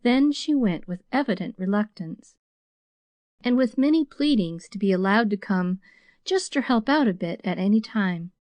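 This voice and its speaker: A woman reads a classic novel aloud in a measured storytelling manner, her voice sitting mid-range for a woman. The recording is dry and close-miked. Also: mid-range voice, animated, a little mellow, no echo. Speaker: audiobook narrator. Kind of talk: scripted narration.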